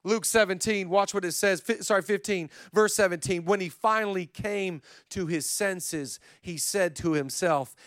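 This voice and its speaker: A man preaching a sermon as pastor, swinging from soft, close passages to loud, emphatic calls. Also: high-pitched, moderate pace, few pauses, dry recording. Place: church stage.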